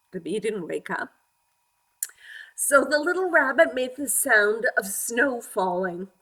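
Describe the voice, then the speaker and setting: In a mid-range voice, a woman reads a picture book aloud to young children, gently asking them questions along the way.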